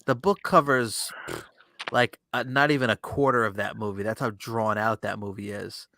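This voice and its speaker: A man's voice: fairly low pitch, steady tone, moderate pace, bright, forceful tone, no room sound. A man in his thirties co-hosting a casual round-table podcast, rambling and swearing freely with lots of fillers and restarts. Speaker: podcast co-host.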